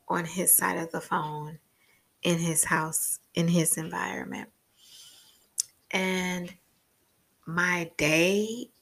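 A woman's voice: lowish voice, vocal fry, a bit bright. A woman talking frankly in a rambling personal vlog about parenting and communication, swearing casually. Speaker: parent vlogger.

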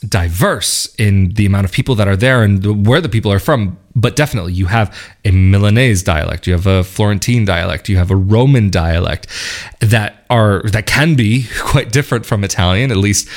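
A man's voice: lowish voice, moderate pace. A man talking casually to camera, thoughtful and rambling, laughing now and then and restarting his sentences. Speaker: vlogger. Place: lives in northern Italy near Venice.

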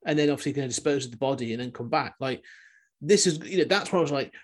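A man's voice: medium pitch, fast. A man hosting a podcast in a casual chat, rambling and restarting his sentences with the odd chuckle. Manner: rambling, self-interrupting, chuckling. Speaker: podcast host.

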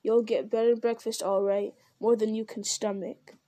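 A woman's voice: mid-range voice, little pitch movement, normal speed, dark tone, no room sound, close to an everyday voice. A woman reading the part of a brutal, commanding male orc captain who barks orders and threatens his prisoners. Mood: harsh, commanding.

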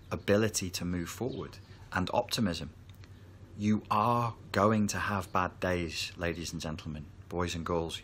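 A man talking to camera as a therapy coach, calm and reassuring as he explains. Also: sits low, slight background noise. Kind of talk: reflective talk to camera.

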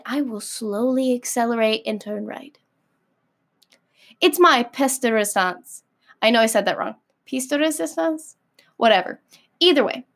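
An American woman with a slightly high voice talks in a loose, rambling vlog rant, leaning on "like" at every turn. She is blunt and sassy and swears without a second thought. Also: fairly bright tone. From United States. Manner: filler-heavy, frequent "like". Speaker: vlogger. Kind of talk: casual ranting monologue.

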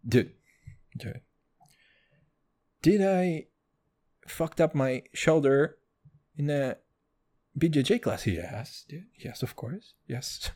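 A man rambling through a solo podcast in a slightly high voice that leaps all over the place. He is profane, jokey and self-mocking, and his loudness swings between bursts and mutters. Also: takes it slowly, long pauses. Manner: animated, swings between loud and quiet. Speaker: podcast host.

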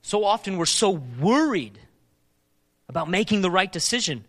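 A man preaching a sermon, asking emphatic repeated questions and moving between urgent loud passages and quieter reflective talk. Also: sits high, animated, normal speed. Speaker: pastor.

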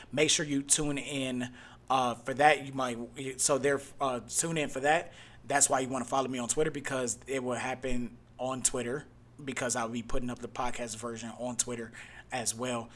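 Animated bright-voiced male podcast host. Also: medium pitch. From Cleveland, Ohio. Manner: animated, mocking rants with loud outbursts. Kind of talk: casual solo podcast talk.

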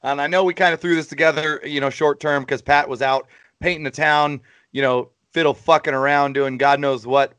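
A man's voice: on the high side, fairly even intonation, a little fast, a bit bright, smooth, dry recording. A man hosting a casual podcast, brash and mocking, swearing freely. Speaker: podcast host. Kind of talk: casual banter.

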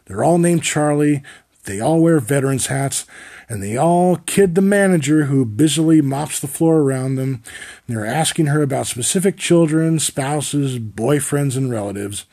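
Man in his forties, podcast host, gravelly fry, husky tone, wry and profane storytelling. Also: fairly high pitch, animated, normal speed, dark tone. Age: 40s. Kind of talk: comic monologue storytelling.

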